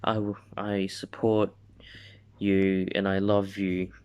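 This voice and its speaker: A man voicing a loving, worried mother in a casually retold fan story, raising his voice high. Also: slow pace, smooth. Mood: tender. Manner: high excited put-on voice.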